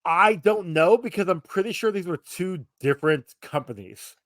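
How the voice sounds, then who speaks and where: A man's voice: high-pitched, animated, moderate pace, no room sound, studio quality. A man co-hosting a podcast in a casual chat, telling easygoing anecdotes. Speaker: podcast co-host.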